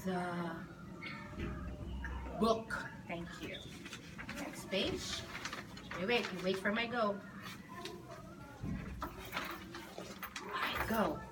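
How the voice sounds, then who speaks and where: A woman's voice: medium pitch, slow pace, pauses often. A woman teacher leading a guided reading lesson with young children, patiently prompting and drawing out words. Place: school classroom. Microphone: recording device set at a distance. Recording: distant mic in a noisy classroom.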